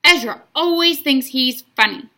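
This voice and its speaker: A woman's voice: high voice, expressive, normal speed, pushed and bright, heavily acted. A woman doing a sulky, upset big sister. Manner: curt, sulky.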